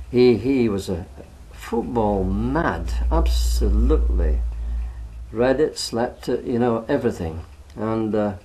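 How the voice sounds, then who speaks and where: A man's voice: mid-range voice, darkish tone. An older man, a former footballer, casually telling a match story and often adding "you know". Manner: chatty, peppered with "you know". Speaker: retired footballer. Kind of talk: reminiscing oral history.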